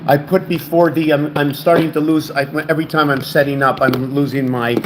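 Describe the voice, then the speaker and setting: A man's slightly high voice, with little pitch movement and a somewhat fast pace, carries a rambling solo video on his own channel about word and number theories. He stumbles, restarts words and thinks aloud as he goes, recorded on a home camera setup with background noise.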